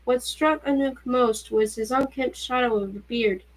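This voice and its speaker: Woman narrating a novel, slightly high. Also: moderate pace, rough recording. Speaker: reader. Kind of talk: audiobook-style novel reading.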